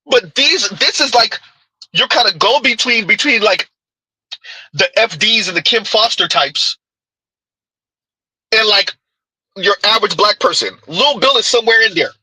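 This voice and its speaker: Animated, husky man reacting in disbelief. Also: high voice, measured pace, long pauses, no echo, poor audio. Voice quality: husky, very bright and animated, incredulous exclamations. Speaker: commentary streamer. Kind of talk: reaction commentary.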